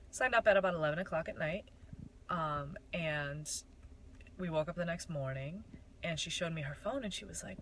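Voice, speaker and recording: A woman's voice: sits low, normal speed, slight background noise, low-quality recording. A young woman from Michigan telling her network marketing story in a casual, candid way, with frequent fillers.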